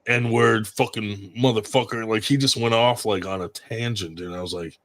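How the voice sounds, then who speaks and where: A man's voice: on the low side, a little fast. A man hosting a podcast in rambling casual chat, swearing freely. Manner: profane, rambling and animated. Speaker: podcast host.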